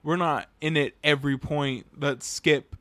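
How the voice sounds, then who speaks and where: A man's voice: a little high, a little slow, no room sound. Laid-back hesitant man, dry sound. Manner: relaxed, hesitant, trails off. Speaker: podcast co-host. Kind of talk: casual anime review chat.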